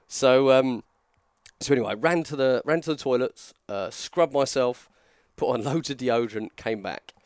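A man's voice: medium pitch, normal speed, darkish tone, smooth, dry recording, studio quality. Man rambling through a story. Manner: rambling, self-mocking, lots of restarts. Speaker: podcast co-host, former wrestler. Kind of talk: casual storytelling chat.

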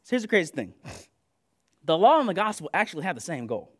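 Male preacher, high and lively, casual and slangy sermon delivery. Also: fast. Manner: animated, conversational, slangy and laughing; repeats "listen" to press points.

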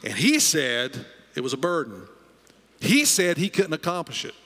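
A man's voice: a little high, wildly swooping pitch, normal speed, pushed and bright, a little hiss or hum. A man preaching a sermon as pastor, emphatic and repeating key phrases, in a church sanctuary. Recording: long reverb of a church hall.

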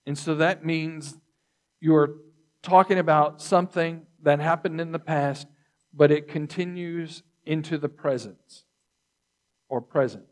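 Pastor, male, measured sermon delivery; unhurried pace, voice on the higher side. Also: steady tone. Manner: slow, deliberate teaching with repeated phrases; throat clearing between points.

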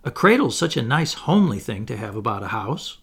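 A man's voice: medium pitch, very animated, brisk, creaky, husky, exaggerated voice. A man voicing a motherly young girl who plays house mother to a band of boys, fussy and scolding. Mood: tart.

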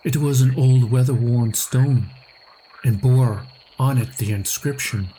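A man narrating a story podcast in a slow, measured scripted reading. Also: medium pitch, steady tone, mellow, a little hiss or hum.

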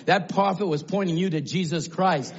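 An older man preaching a fiery sermon, shouting at times and then dropping to low murmurs. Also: moderate pace, breathy edge. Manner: shouting, swinging from low murmurs to high cries. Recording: dull lo-fi sound.

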